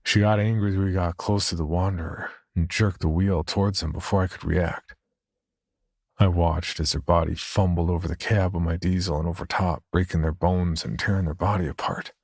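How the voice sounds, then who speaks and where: A man narrating a first-person horror story in a steady, measured storytelling manner. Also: low-pitched, dry recording, studio quality.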